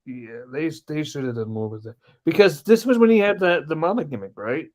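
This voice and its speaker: Playful co-host guy, kinda high voice that jumps around a lot, trips over his words. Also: brisk. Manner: animated, playful, stumbling restarts. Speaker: podcast co-host. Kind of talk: casual review chat.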